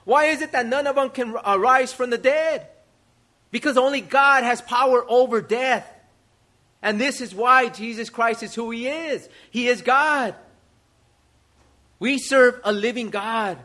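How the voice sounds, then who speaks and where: High, bright-voiced male pastor preaching. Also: unhurried. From United States. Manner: emphatic rhetorical questions, repeats phrases. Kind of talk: sermon.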